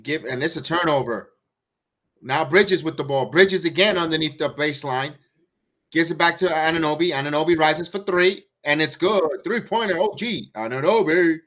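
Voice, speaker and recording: Bright-voiced, excitable man calling the game. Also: a little high, moderate pace. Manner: excitable, sarcastic, rants at the coach. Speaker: watch-along play-by-play host. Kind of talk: live fan play-by-play commentary.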